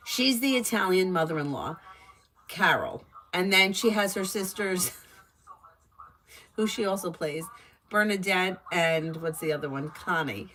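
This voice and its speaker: A woman doing tarot readings on a home live stream, talking in a chatty, giggly way. Her voice sits fairly low, with a faint hiss of noise behind it. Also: measured pace, pauses often, rough recording. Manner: chatty and giggly, lively storytelling. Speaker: tarot reader.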